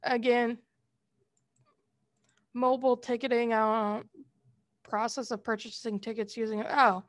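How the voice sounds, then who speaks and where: A woman's voice: a little high, level tone, unhurried, dry recording. A woman college instructor lecturing her class and breaking into a heated, casual personal story with mild slang.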